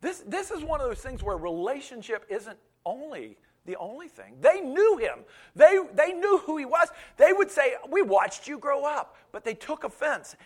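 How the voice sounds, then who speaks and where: Animated, high-voiced man preaching a sermon. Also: normal speed. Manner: storytelling, swings from loud to quiet. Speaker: pastor.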